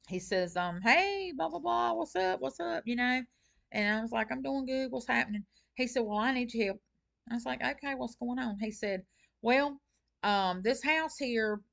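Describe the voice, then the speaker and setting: A woman with a Southern US accent tells a story to her camera at home, the way a real estate agent vlogs to her viewers. She acts out both sides of a phone call. Her voice sits at an ordinary middle pitch. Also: fairly bright tone. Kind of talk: casual vlog storytelling.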